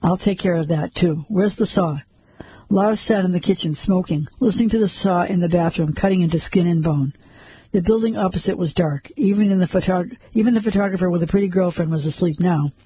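A male narrator reads a story in a steady, measured voice. His voice is mellow and a little husky, pitched fairly high for a man. The recording is dry and close. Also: no room sound, rough recording. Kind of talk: storybook reading.

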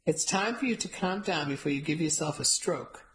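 A woman voicing a grandmother who speaks quietly but firmly, in a storybook reading. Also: low-pitched, expressive, moderate pace. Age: older. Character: stern calm grandmother with authority.

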